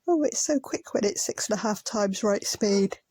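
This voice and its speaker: A woman's voice: mid-range voice, lively intonation, moderate pace, darkish tone, slightly rough, no echo. A tired woman chatting casually as a craft vlogger, muttering asides as she sorts things. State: tired, yawning. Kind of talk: casual commentary over sped-up footage.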